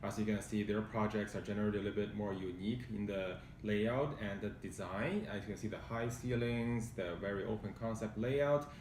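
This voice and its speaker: Man, real estate agent, measured factual delivery, roomy distant sound. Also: fairly low pitch, noisy background. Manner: measured, factual, hesitant fillers. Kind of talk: informative property presentation. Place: condo unit indoors.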